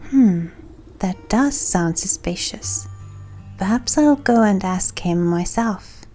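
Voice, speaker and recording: A woman voicing a curious, teasing young woodland witch in a calm, dry way. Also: mid-range voice, slow, soft background music.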